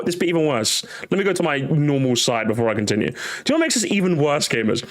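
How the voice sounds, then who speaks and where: A man ranting and swearing as he reacts to a podcast clip on his stream. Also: fairly high pitch. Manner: animated, ranting, swears a lot. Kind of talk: casual react stream commentary.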